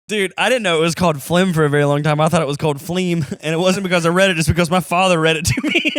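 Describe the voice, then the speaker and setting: Male comedy podcast host, loose and profane, higher-pitched, dry close-miked sound. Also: quick pace, fairly bright tone, dry recording. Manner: loose, profane, laughing storyteller. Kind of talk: casual comedy podcast chat.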